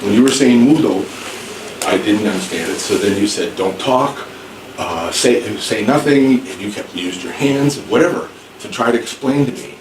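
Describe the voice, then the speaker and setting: A man teaching an English class, speaking slowly and clearly and rephrasing things so learners can follow. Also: fairly low pitch, lively intonation. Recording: echoey room, distant mic, background noise.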